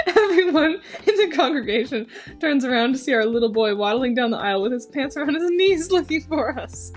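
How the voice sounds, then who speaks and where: A woman's voice: high-pitched, expressive, brisk, soft background music. Giggly young woman host. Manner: giggly, reacts often with "oh my gosh". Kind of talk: casual chat, reading stories aloud.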